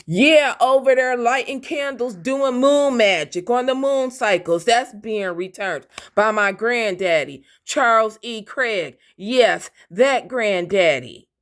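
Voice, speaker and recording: A woman's voice: fairly high pitch, animated, slow pace, few pauses. A woman giving a fiery, profane tarot reading, blunt and defiant. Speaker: tarot reader.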